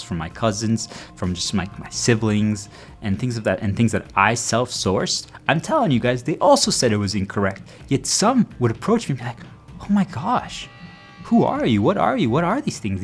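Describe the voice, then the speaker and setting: A motivational speaker addresses his viewers with real earnestness. He keeps checking whether they follow, and when he quotes someone he acts out the voice with sudden pitch jumps.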